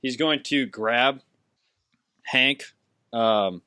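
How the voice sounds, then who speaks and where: A man running a tabletop game, describing scenes and asking the players questions. His voice is smooth and clear, and the recording is dry and close. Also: medium pitch, drawn-out words, bright, forceful tone, dry recording. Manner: questioning, plays the monsters himself. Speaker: game master.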